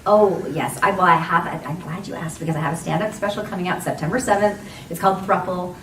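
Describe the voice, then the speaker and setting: A woman's voice: on the low side, fairly even intonation, fast, a bit bright. Chatty laughing woman in a roomy hall. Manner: chatty and rambling, laughs often, acts out quotes. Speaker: voice actress guest on a convention panel. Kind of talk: casual panel Q&A. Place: convention panel room. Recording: roomy hall, distant from mic, faint noise.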